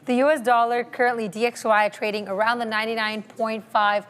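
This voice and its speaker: A woman presenting a market news segment, reading currency figures briskly and fixing small slips as she goes. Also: on the high side, flat delivery, a bit bright, clear, resonant tone. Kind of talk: scripted market news read.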